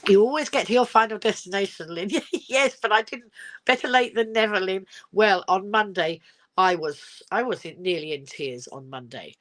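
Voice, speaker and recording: A woman's voice: mid-range voice, animated, moderate pace. An older woman from England chatting casually on a live stream from her phone, rambling and giggly, reading out viewer comments. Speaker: livestream host. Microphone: phone camera.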